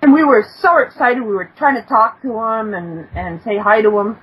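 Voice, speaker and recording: A woman with a very husky, breathy voice tells a story haltingly, filling pauses with "um" and "uh". Her voice sits somewhat high for a woman. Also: highs cut off. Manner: halting, with many fillers, takes corrections from her husband. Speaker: guest, storyteller. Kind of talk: casual storytelling.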